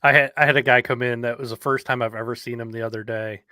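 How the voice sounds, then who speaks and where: A man's voice: medium pitch, steady tone, fast, sharp tone, no room sound, studio quality. A man talking frankly and a bit self-deprecatingly about difficult customers in a casual podcast chat.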